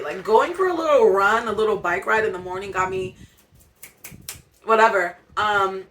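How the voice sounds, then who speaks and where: Bright-voiced candid woman vlogging. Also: medium pitch. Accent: African American Vernacular English. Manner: candid, self-reflective, talking herself up. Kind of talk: casual vlog talk to camera.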